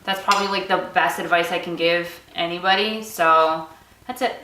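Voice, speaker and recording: A woman's voice: fairly low pitch, steady tone, moderate pace, bright, forceful tone. A young woman hosting her own vlog, chatting frankly and casually with loose asides. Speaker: vlog host. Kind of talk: casual chat. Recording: echoey room.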